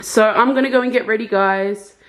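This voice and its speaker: A woman's voice: a little high, fairly even intonation, fairly quick, fairly bright tone, a little hiss or hum. A chatty young woman vlogging casually from her bedroom at home, rambling through her plans and purchases. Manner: chatty, rambling, self-aware. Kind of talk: casual vlog chat.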